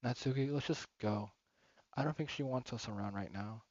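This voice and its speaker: A man voicing a calm teenage girl who leads a club, reading in a reasoning tone over a dull, lo-fi recording. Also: medium pitch, moderate pace, no room sound, pitched below the performer's own voice, natural voice.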